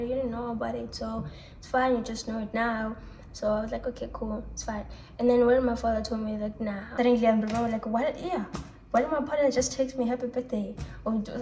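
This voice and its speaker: A young woman talking through a personal confessional vlog, reflective and halting, often restarting her sentences and letting out soft sighs. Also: a little high, slight background noise. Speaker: vlogger. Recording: echoey room.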